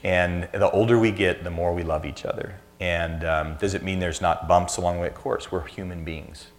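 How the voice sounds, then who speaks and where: A man's voice: sits low, fairly even intonation, normal speed, a little hiss or hum. A man in his fifties, a church speaker giving a conversational sermon full of self-deprecating family anecdotes.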